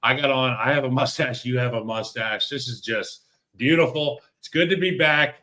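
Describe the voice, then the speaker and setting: A man's voice: mid-range voice, normal speed, sharp tone. A man co-hosting a sports talk show, chatting casually and telling stories over a video call. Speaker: podcast co-host.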